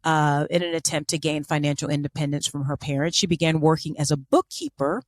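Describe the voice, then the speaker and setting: Low-voiced chatty woman telling a story. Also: a little fast, dry recording. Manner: chatty, sarcastic asides, many fillers. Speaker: podcast co-host. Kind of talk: casual storytelling chat.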